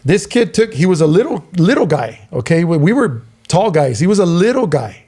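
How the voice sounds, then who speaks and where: A man's voice: fairly high pitch, brisk. A middle-aged man from Southern California casually telling a long story on a podcast, acting out the voices of the people in it. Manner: animated, acts out quoted voices. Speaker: podcast co-host.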